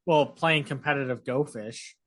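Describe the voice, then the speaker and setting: A man co-hosting a podcast in casual chat, talking in an animated way with many fillers. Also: medium pitch, normal speed. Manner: chatty, animated, lots of fillers. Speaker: podcast co-host.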